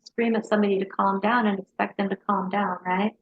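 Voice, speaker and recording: A woman therapist telling a personal story in an interview, in a lively storyteller's manner. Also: mid-range voice, fairly quick. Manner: lively storyteller who acts out her kids' voices. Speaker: hypnotherapist and mental health counselor. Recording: dull lo-fi sound.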